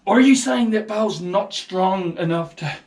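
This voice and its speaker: A man doing Gideon's calm, shrewd father. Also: sits high, a little slow, recorded from a distance. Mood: reasoning. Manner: calm, reasoning.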